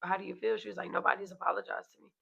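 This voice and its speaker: A woman who is a mother co-hosts a podcast and tells a story in casual chat, animated and swearing freely as she acts out what others said. She speaks very fast at a medium pitch, with a husky voice and vocal fry, and the audio sounds dull.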